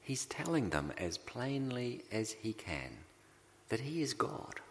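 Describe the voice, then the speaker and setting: Slow gravelly-voiced male preacher. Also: mid-range voice, sing-song, fairly bright tone, long reverb tail, slight background noise. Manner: slow, deliberate preaching with dramatic pauses. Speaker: pastor. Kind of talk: sermon.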